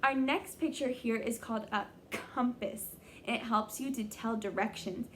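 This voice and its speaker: Fields: woman, teacher, slow sounding-out. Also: on the high side, a bit bright, slight background noise. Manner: slow, exaggerated sounding-out of letters; encouraging, praising. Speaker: kindergarten teacher. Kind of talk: online phonics lesson for young children.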